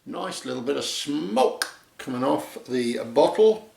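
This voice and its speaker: A man's voice: fairly high pitch, animated, a little slow, vocal fry, a little mellow, a little hiss or hum. A man hosting a casual review vlog, talking to the camera in a chatty, jokey way. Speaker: beer reviewer, channel host. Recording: echoey room.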